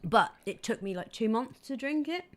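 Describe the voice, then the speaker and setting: A woman's voice: on the high side, animated, moderate pace. Giggly, slightly tipsy woman guest. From Saudi Arabia. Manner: giggly, rambling and chatty, laughs a lot. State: a little tipsy. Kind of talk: casual chat.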